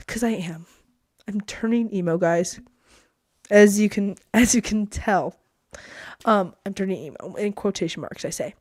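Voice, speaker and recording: A woman's voice: mid-range voice, measured pace, pauses often, a little mellow, no room sound, studio quality. A teenage girl hosting her podcast from her bedroom, rambling and self-deprecating to the camera. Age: teens. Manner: chatty, rambling, self-deprecating with frequent laughs. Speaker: podcast host. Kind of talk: casual solo podcast vlog.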